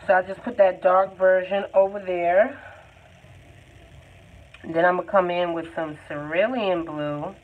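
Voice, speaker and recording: A woman's voice: fairly low pitch, flat delivery, unhurried, long pauses. A woman giving a live painting lesson in a chatty, encouraging and informal way. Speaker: art tutor. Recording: tinny phone-like sound, faint noise.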